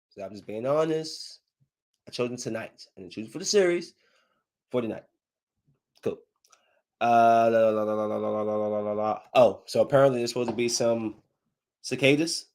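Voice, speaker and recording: A man's voice: medium pitch, a little mellow. A man hosting a casual solo podcast, talking animatedly, trash-talking with plenty of profanity, and reading news stories aloud with his own comments. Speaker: podcast host.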